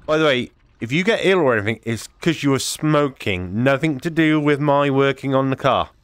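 A man's voice: mid-range voice, animated, normal speed, smooth. A man playing a VR game, joking and muttering to himself as he goes. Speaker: gaming YouTuber.

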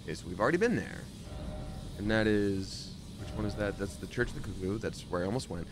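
A man's voice: lowish voice, fast. A man casually commenting while playing a game on a live stream, chatty and jokey, reading out viewer donations. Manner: animated, jumps between mumbling and excited.

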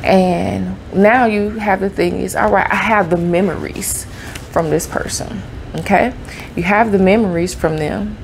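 A woman's voice: mid-range voice, creaky, a little mellow, a little hiss or hum. A woman vlogger sharing her own experience in a heartfelt, conversational way, often repeating herself for emphasis. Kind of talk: personal talk to camera.

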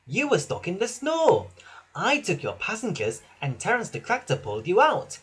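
A man's voice: high-pitched, huge pitch swings, normal speed, breathy edge, pitched above the performer's own voice, heavily acted. A man voicing a cheeky male bus who talks in a cocky, teasing way. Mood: friendly.

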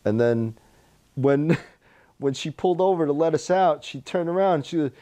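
A man from Staten Island, telling a story about himself in a relaxed, chatty way as an interviewee. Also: fairly high pitch, moderate pace. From Staten Island, New York. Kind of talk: casual storytelling.

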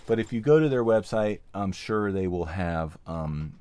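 A man's voice: low voice, expressive, normal speed, a little mellow. A man hosting a casual livestream, chatting and thinking aloud with many ums as he assembles gear and answers viewers. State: a little out of breath. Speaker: livestream host, sound mixer. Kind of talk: casual livestream chat while building gear.

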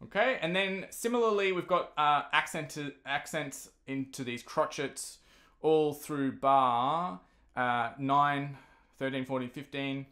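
A man's voice: on the high side, a little slow, sharp tone. A man teaching a violin lesson, patiently explaining each step between passages he plays. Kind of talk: instrumental lesson. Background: violin playing.

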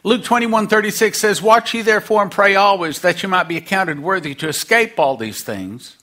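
A man's voice: sits high, normal speed, bright, forceful tone. A man preaching a sermon, acting out quoted voices and dropping humorous asides.

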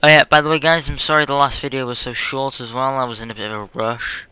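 A man's voice: mid-range voice, fairly even intonation, fairly quick, few pauses, pushed and bright, smooth, no echo. A young man hosting his own gaming channel, chatting casually over gameplay in a hyperactive, silly, rambling way.

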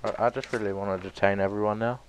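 A man giving sweary, excitable let's play commentary, breaking into loud yelps between muttered remarks. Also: fairly low pitch, quick pace, background noise. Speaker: gaming YouTuber.

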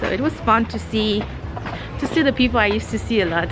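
A woman's voice: fairly high pitch, animated, fairly quick, noisy background. A woman vlogging casually outdoors, scolding and exasperated in a dramatic way. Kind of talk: casual vlog chat.

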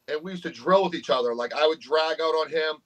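A man's voice: fairly high pitch, fast, low-quality recording. A man with a New England accent, co-hosting a podcast in casual chat, blunt and swearing freely, joking between points. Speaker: podcast co-host. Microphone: studio microphone.

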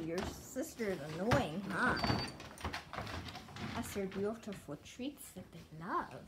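Chatty, excitable woman. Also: mid-range voice, unhurried, noisy background. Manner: chatty and excitable, talking to her dogs, giggling often. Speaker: vlogger giving a home tour. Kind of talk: casual home-tour vlog. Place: rural home, filming out the windows.

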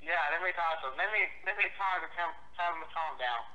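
A man's voice: on the high side, fast talker, bright, forceful tone. A man on the phone who sounds confused and hesitant, stumbling over his words. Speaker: prank call target. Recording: tinny, echoey phone line.

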